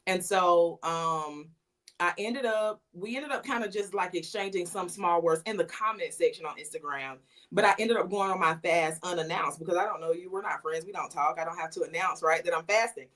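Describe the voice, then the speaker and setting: A woman guest on a podcast, telling a personal story in a casual, animated way and acting out the messages she quotes. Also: fairly low pitch, fairly quick.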